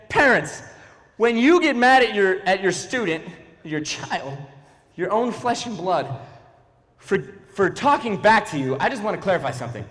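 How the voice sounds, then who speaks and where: A man with a notably high voice performs stand-up comedy, playful and animated, often turning to talk straight to the crowd. His voice carries the long reverb of a large church hall. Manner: animated, playful, talks to the audience. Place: church auditorium before a live audience.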